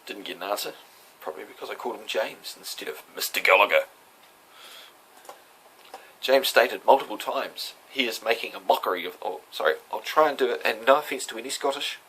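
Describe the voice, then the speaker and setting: A man's voice: mid-range voice, pushed and bright, breathy edge, rough recording. A man talking casually and defiantly about his day in court, lecturing and emphatic. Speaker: self-represented defendant recounting a court hearing. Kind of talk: casual spoken monologue.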